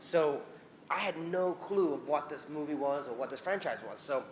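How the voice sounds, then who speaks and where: A man in his forties with a New Zealand accent, telling lively stories at a convention Q&A, acting out the voices of the people in his anecdotes and laughing often. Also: a little high, moderate pace, a little hiss or hum. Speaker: convention guest. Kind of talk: animated storytelling Q&A. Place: convention hall. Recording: roomy convention hall.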